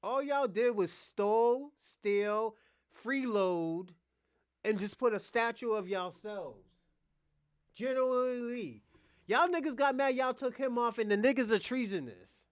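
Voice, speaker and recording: A young adult man hosting a livestream, delivering a combative, profane rant that swings between loud outbursts and muttered asides. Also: extremely high pitch, unhurried, dry recording, studio quality. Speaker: podcast host.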